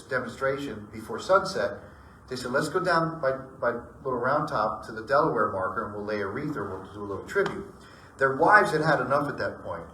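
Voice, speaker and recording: A man telling ghost stories to an audience in a library room, in an animated way that acts out the voices he quotes. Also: mid-range voice. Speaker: guest storyteller. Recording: echoey room, distant mic, faint noise.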